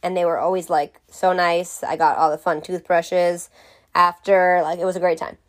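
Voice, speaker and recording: A woman's voice: fairly low pitch, level tone, normal speed. A young woman telling a storytime vlog in a blunt, exasperated, profane way. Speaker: vlogger.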